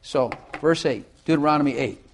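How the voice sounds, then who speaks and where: A man's voice: fairly high pitch, moderate pace, slight background noise. A man teaching the Bible in casual conversation, emphatic, repeating phrases for effect and playing with inflection to make his points.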